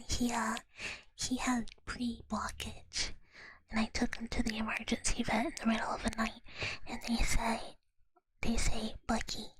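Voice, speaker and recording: A woman streamer whispering in a soft, giggly, chatty way as she talks with her chat during a live ASMR stream, in a whispered role-play. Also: on the high side, slight background noise, rough recording.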